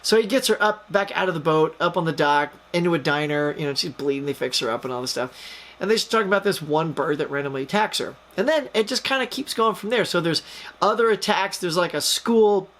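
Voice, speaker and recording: A man's voice: fairly high pitch, a little fast, a bit bright. A man reviewing a film, retelling the plot in a chatty, rambling way, full of fillers and jokey asides. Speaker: movie reviewer.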